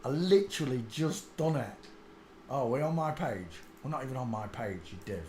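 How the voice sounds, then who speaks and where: A rambling man hosts his own channel and mutters to himself as he searches, then breaks into sudden loud laughing outbursts. His voice sits at a middle pitch. The room is echoey, with faint noise behind him. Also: lively intonation, normal speed. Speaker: channel host. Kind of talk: casual commentary while searching images on screen.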